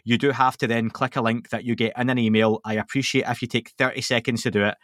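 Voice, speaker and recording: A man's voice: medium pitch, flat delivery, fast talker, fairly bright tone, no echo, studio quality. A man hosting a podcast, chatting casually and rambling with fillers. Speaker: podcast host.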